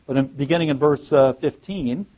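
A man's voice: on the high side, moderate pace, dark tone, poor audio. A man preaching a sermon and reading scripture aloud, often restarting his phrases and rising emphatically on key words.

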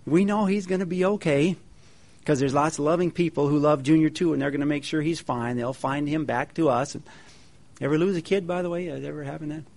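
A middle-aged man preaching a sermon, telling folksy stories with animated quoted voices. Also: on the high side, brisk, vocal fry. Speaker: pastor and feast coordinator. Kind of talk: sermon with anecdotes.

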